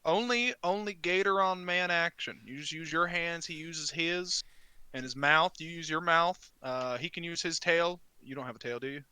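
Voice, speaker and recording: A man narrating a tabletop game as game master, rowdy and laughing, shouting his characters' lines. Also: fairly high pitch, normal speed, smooth, dry recording.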